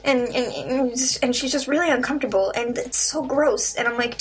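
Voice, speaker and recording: A woman's voice: sits high, faint music behind, rough recording. Sarcastic, swearing young woman reviewer. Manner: sarcastic, rambling, swears a lot, acts out characters in quick voices. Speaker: movie reviewer. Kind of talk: casual profane movie review rant.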